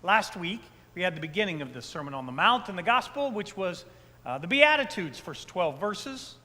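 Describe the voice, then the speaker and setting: High-pitched and sing-song with a sharp tone, this man preaches at a moderate pace. His conversational sermon in a church sanctuary, heard with long reverb, leans on "right?" asides to the congregation and emphatic repetition of key phrases.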